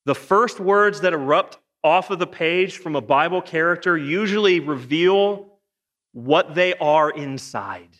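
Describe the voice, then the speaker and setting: A man preaching a sermon in a lively, joking way, firing off rhetorical questions. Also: a little high, measured pace. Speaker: pastor. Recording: long hall reverb.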